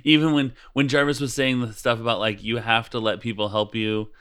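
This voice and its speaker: A man co-hosting a podcast in casual chat, often giving short agreements and retelling scenes briskly. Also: mid-range voice, flat delivery, fairly bright tone, clear, resonant tone. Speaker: podcast co-host.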